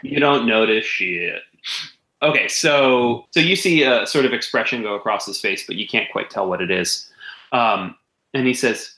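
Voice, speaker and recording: A man narrating as game master of a tabletop role-playing game, halting and full of fillers. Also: medium pitch, sharp tone, roomy sound, poor audio.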